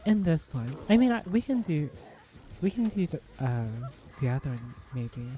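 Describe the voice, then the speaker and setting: Game streamer, soft hushed ASMR-like voice, mellow tone, relaxed rambling chat. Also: medium pitch, moderate pace. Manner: relaxed, rambling, laughs easily. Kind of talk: casual live gameplay chat.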